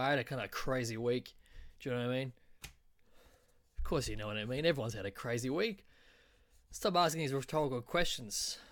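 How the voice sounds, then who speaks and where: A man hosting a podcast, spinning a rambling comic monologue full of deadpan asides and restarts. His voice sits at an ordinary middle pitch and is recorded dry and close. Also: no echo. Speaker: podcast host.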